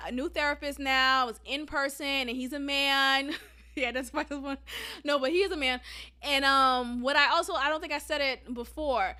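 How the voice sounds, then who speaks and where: A young woman talks straight to the mic in a solo podcast monologue. Her voice sits high and bright. She is blunt and profane, gets fired up fast and slips into laughter. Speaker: podcast host.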